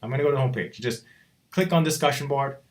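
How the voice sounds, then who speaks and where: A man teaching a college course in a recorded walkthrough, chatty and relaxed, checking in with "right?" after nearly every point. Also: medium pitch, racing. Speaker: college instructor. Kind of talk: recorded screen-walkthrough lecture.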